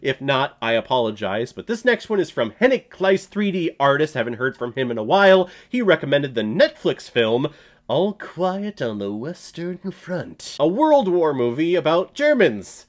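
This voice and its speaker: A young man giving a casual, jokey spoken film review, laughing and sometimes bursting into loud shouted bits. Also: on the high side, sing-song, moderate pace, hardly any pauses. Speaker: movie reviewer.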